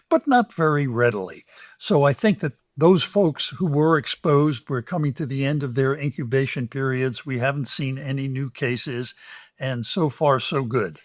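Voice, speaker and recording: An older American man, an infectious disease expert, answers interview questions in a measured, explanatory manner with emphatic pauses and soft asides. His voice is medium-pitched, and the studio sound is clean with no echo.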